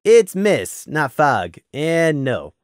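A man voicing a firm male deer sergeant who talks in a brisk, commanding way. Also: fairly high pitch, sing-song, no echo, studio quality, full character voice.

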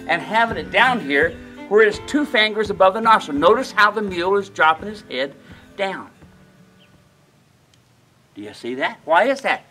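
Bright, high-voiced man teaching mule handling. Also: low-quality recording. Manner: folksy, emphatic, asks the audience questions. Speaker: mule trainer. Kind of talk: outdoor training demonstration. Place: outdoors at a ranch with a mule.

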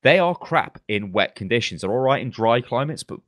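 A man's voice: mid-range voice, animated, brisk, a bit bright, no room sound. A man co-hosting a gaming news podcast, chatting casually with lots of swearing and ranting asides. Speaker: podcast co-host. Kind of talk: casual chat.

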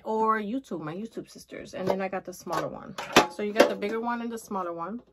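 A woman chatting excitedly and gushing as she shows off a shopping haul in a casual vlog. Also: a little high, a little hiss or hum. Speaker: haul vlogger.

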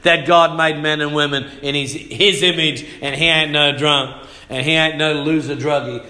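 A middle-aged man, preaching a fiery sermon in church, sometimes shouting. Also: a little high, steady tone, normal speed, slight background noise. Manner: fiery, shouting and humming out rhythms. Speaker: pastor. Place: church hall. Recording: echoey church hall.

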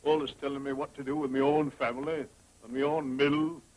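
An actor playing a stubborn, gruff middle-aged miller in an old 1930s film. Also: male voice, mid-range voice, flat delivery, a little fast, lightly acted, poor audio. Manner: gruff, defiant. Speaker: mill owner and father. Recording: old 1930s film soundtrack with faint hiss.

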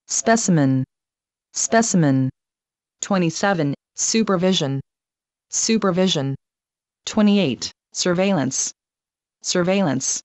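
Slow, even woman reading word lists. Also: on the low side, no room sound. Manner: says each word twice, measured and even. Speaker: vocabulary word reader.

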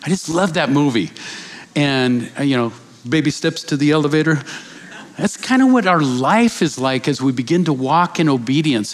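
A man preaching as a guest speaker, telling a personal story with lively acted-out voices before moving into exhortation. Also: medium pitch. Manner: animated storyteller, acts out quoted voices.

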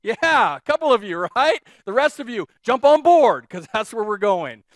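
A man preaching a sermon as pastor, telling stories in a lively way and repeating phrases for emphasis. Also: high-pitched, normal speed, no echo, clean studio sound. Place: church.

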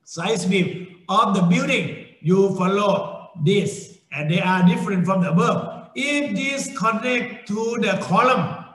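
A middle-aged man with a Thai accent, a native Thai speaker lecturing on engineering, slow and repetitive, with frequent okays and restarts. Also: sits high, fairly bright tone, echoey room, rough recording. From Thailand. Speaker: university lecturer.

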